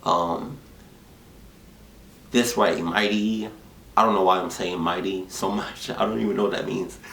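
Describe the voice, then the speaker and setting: A man's voice: low-pitched, fairly even intonation, a little slow, creaky, fairly bright tone. A man hosting a reaction video, rambling casually and profanely with many restarts. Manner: rambling, profane, full of restarts and repeated words. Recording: echoey room with faint room noise.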